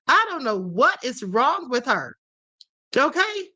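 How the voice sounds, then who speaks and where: A woman hosting a livestream, giving animated commentary, laughing often and reading out viewer comments. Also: sits high, takes it slowly, pauses often, no room sound. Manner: repeats "please pay attention". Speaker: host.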